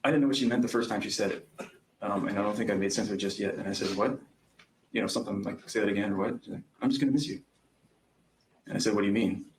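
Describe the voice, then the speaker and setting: A man's voice: on the low side, fairly even intonation, racing, slight background noise, low-quality recording. A young man testifying as a witness in court, recounting events hesitantly with frequent ums. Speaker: trial witness.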